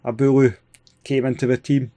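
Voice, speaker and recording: A Scottish man hosting a gaming video, giving casual, excitable play-by-play with frequent chuckles. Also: medium pitch, normal speed. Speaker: gaming channel host. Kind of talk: casual let's-play commentary.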